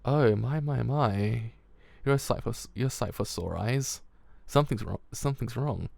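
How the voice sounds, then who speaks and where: Smug flirty sea creature, flowery talk, gravelly low voice read by a man. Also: moderate pace, darkish tone, no room sound. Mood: courtly. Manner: flowery, teasing speech.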